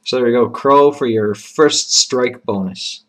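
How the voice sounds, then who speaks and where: A man hosting a trading card box break, steadily announcing each card, who it goes to and its serial number, with brief quiet asides of admiration. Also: medium pitch, unhurried, a little hiss or hum. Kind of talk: live card-opening commentary.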